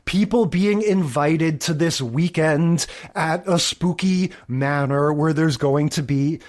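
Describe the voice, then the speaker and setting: High-voiced chatty male podcast host. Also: slow pace. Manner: chatty, reminiscing, self-deprecating. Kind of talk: casual podcast chat.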